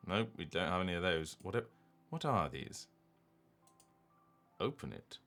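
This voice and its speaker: A man streaming a game and chatting casually, thinking aloud in an animated, rambling way. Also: low-pitched, normal speed, long pauses, soft background music. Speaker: streamer and voice actor. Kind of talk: casual gaming stream chat.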